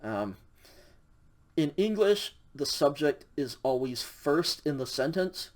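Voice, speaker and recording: A man teaching a recorded university lecture in a casual way, with frequent ums and okays, who slows down to stress examples. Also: on the high side, big pitch swings. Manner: casual, many fillers like um and okay; spells out examples slowly and stresses key words. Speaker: university Greek instructor.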